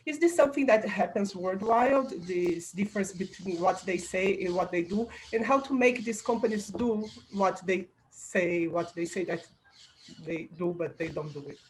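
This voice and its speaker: A woman's voice: mid-range voice, moderate pace, a little hiss or hum, rough recording. A Brazilian woman whose first language is Portuguese asks a question in English over a video call, hesitating and restarting her words. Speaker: audience questioner.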